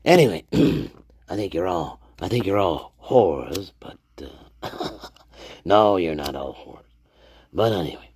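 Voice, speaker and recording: A man's voice: sits low, expressive, takes it slowly, long pauses, a little mellow, breathy edge, no room sound, clean studio sound. A man hosting a livestream, rambling in a giggly, profane way, repeating phrases and sometimes dropping to a whisper. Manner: drops to whispers at times. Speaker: livestream host.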